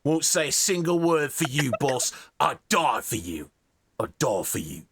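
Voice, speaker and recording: A man's voice: a little high, big pitch swings, measured pace, fairly bright tone, slightly rough, exaggerated voice. A game master voicing a devoted young male street thug with a Cockney accent. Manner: devoted, eager to please.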